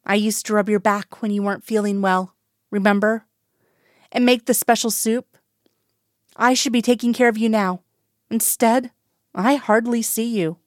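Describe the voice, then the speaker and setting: A woman reading the part of a worried older mother, soft-voiced but insistent and pleading. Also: fairly high pitch, fairly even intonation, normal speed, long pauses, no room sound, studio quality, natural voice.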